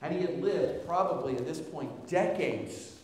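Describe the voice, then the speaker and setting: A man's voice: on the high side, animated, measured pace, recorded from a distance. Impassioned male preacher in echoey hall. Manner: impassioned, rising to loud peaks when reading scripture. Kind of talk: sermon.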